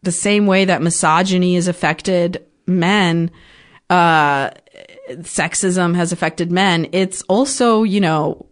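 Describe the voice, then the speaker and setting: Frank, low-voiced woman podcast guest. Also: slow pace. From Ukraine. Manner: frank, swears freely, acts out her past outbursts. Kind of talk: candid conversational storytelling.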